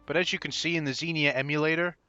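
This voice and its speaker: A man with a bright, forward voice commenting casually on a video game, sarcastic and quick to swear. The audio is a bit dull and lo-fi, with faint music under it. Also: a little high, fairly even intonation. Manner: profane, sarcastic, laughing asides. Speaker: gameplay commentator. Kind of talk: casual let's-play commentary.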